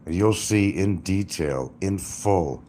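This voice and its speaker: A man's voice: low voice, slow, warm tone, slight background noise. An older man hosting a livestream, rambling and mocking with crude, casual talk. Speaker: livestream host.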